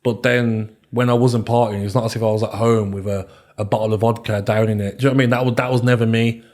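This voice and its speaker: A man's voice: mid-range voice, fairly even intonation, fast talker, a little mellow. Man, 30s, Birmingham accent, podcast guest, casual rambling chat, lots of fillers. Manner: chatty, many fillers and repeated "do you know what I mean".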